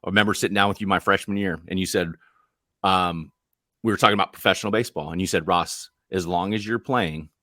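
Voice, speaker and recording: A man hosting a podcast interview, speaking earnestly and haltingly, often restarting his sentences. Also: low-pitched, steady tone, pushed and bright, dry recording, studio quality. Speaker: podcast host.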